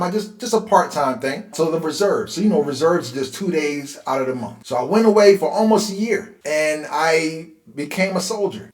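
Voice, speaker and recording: A man in his forties from Philadelphia telling a personal life story in a casual, conversational way, getting animated when he relives tense moments. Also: on the high side. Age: 40s. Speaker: host. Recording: roomy echo.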